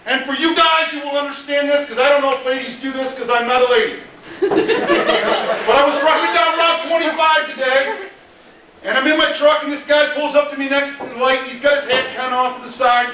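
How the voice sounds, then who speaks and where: A man's voice: extremely high pitch, steady tone, fast, bright, forceful tone, distant mic, slight background noise. A Midwestern American man, a pastor, telling a funny story in a sermon with lots of laughter. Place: church hall in a mall. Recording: very echoey hall from afar.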